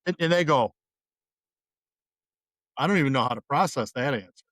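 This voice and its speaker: Podcast cohost guy, slightly high voice, dry sound, kinda wry and argumentative. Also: expressive, moderate pace, a bit bright, dry recording. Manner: wry, argues points by playing both sides. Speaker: podcast co-host. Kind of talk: casual podcast chat.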